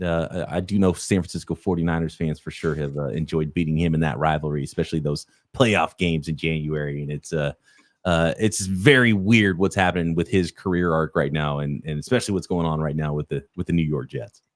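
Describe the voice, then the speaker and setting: A man co-hosting a sports podcast, speaking in a measured way with hesitant fillers. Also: deep voice, fairly even intonation, dry recording, studio quality. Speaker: podcast co-host. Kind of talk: casual sports talk.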